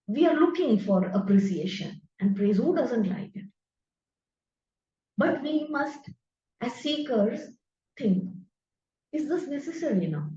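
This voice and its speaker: A woman's voice: fairly high pitch, mellow. A woman, earnestly explaining scripture to a class and tossing in tag questions like "no?". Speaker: spiritual teacher. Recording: roomy, distant, dull-sounding.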